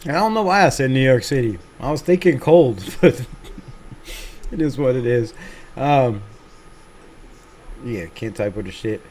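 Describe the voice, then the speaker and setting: A man's voice: medium pitch, animated, moderate pace, pauses often, a little mellow. A man hosting a fan livestream, chatting casually and reading out viewer comments in a laid-back, swearing, self-mocking way. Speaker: fan channel livestream host.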